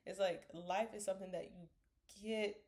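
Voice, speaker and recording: A young woman talks straight to her camera in a casual, earnest vlog. She rambles and circles back on herself, sips a smoothie between thoughts, and now and then drops her voice to a whisper. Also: medium pitch, fairly even intonation, moderate pace, darkish tone. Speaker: vlogger. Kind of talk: casual motivational talk to camera.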